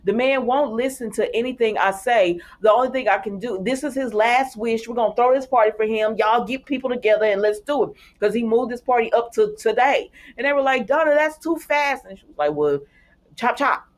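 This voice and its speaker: A woman vlogger casually recapping soap opera episodes, chatty and animated, with laughs and acted-out quotes. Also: on the high side, brisk.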